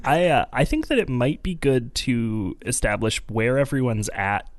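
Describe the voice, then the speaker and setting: A man's voice: mid-range voice, lively intonation, moderate pace, no room sound. A man on a podcast panel who talks in a tired, rambling way and slips in jokes. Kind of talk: casual panel chat.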